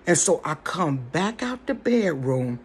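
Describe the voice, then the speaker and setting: A woman telling a story in a casual storytime vlog from her bedroom, animated and chatty, talking straight to her viewers. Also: sits low, a little slow, slight background noise. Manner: animated, chatty, addresses the audience directly.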